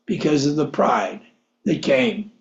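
A man's voice: fairly high pitch, lively intonation, takes it slowly, reverberant, muffled recording. A man preaching a Bible-teaching sermon, reading verses in old scriptural wording, explaining them conversationally and asking his listeners rhetorical questions.

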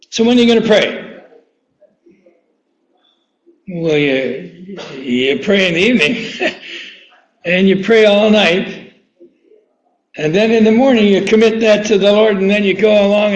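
A man with a high voice preaches a sermon at a slow, deliberate pace. He draws out each quoted verse with emphasis and keeps questioning his listeners. The sound is roomy and a little dull.

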